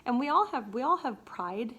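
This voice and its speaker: A woman's voice: fairly high pitch, very animated, moderate pace, bright, forceful tone, slightly rough, muffled recording. A woman teacher casually explaining a play scene, chatty and playful, acting out lines in voices. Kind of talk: casual literature lesson.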